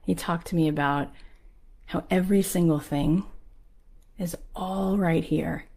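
A woman's voice: fairly low pitch, fairly even intonation, unhurried, mellow. Enthusiastic woman telling a story. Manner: enthusiastic, filler-heavy, with lots of "like". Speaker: speaker retelling a story. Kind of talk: casual storytelling talk.

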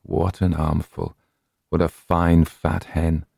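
Low male voice, dark and mellow, hushed measured horror reading, dry close sound. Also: monotone, gravelly, slightly rough, dry recording. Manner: hushed, measured, chanting rhymes slowly. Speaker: narrator. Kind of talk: storytelling reading of a horror tale.

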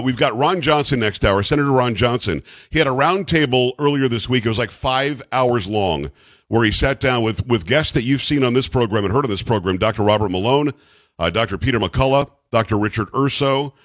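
A male talk radio host who talks bluntly and emphatically, joking with his co-host between strong opinions. His voice sits at a middling pitch. The studio sound is close and dry. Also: fairly quick, no room sound.

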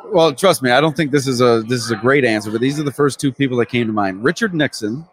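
A man's voice: medium pitch, fast, a little hiss or hum. A young adult man, a sports reporter and guest, chatting casually and thoughtfully, often repeating words as he starts. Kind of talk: casual chat.

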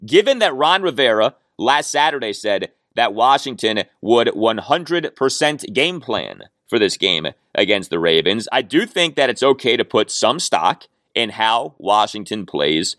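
A man hosts a solo sports podcast at a middle pitch. His delivery is animated, his voice leaps high and drops low, and he jokes with himself as he goes. The sound is dry, with no room echo. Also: unhurried, few pauses. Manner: animated, talks to himself jokingly.

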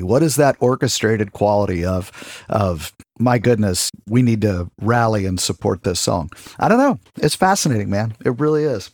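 Man, podcast guest, animated, emphatic questions, dry sound. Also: medium pitch, no room sound. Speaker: music journalist, guest. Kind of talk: podcast conversation.

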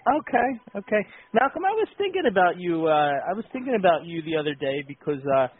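A man's voice: high voice, big pitch swings, quick pace, breathy edge. A man hosting a radio show, bantering playfully with a caller. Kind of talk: casual radio chat. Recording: tinny phone-like radio sound.

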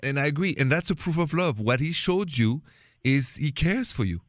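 A man's voice: a little high, lively intonation, moderate pace, no room sound, clean studio sound. A man with a thick French accent hosting a radio talk show, upbeat and reassuring with callers.

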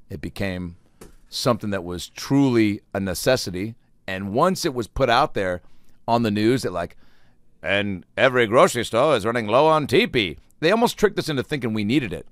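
A man telling a rambling, profane comic story in a casual monologue, breaking into loud acted-out quotes. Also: fairly low pitch, lively intonation, normal speed, no room sound, clean studio sound. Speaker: comedian.

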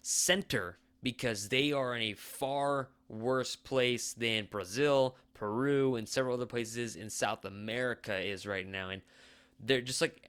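Bright-voiced man ranting about sports. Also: clean tone. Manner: opinionated, exasperated rants, rising pitch when heated. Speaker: sports talk host. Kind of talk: casual sports chat.

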